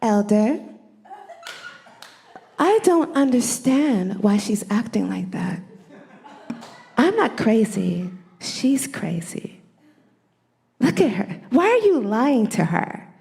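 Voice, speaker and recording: A woman's voice: on the high side, sing-song, takes it slowly, creaky, pauses often, warm tone, exaggerated voice. Brief: woman voicing an agitated young caregiver, half-whispered protest. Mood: defensive.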